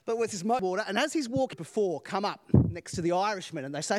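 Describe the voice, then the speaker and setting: A man preaching a sermon, telling a joke with lively rhetorical questions and laughing at his own lines. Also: sits high, fast.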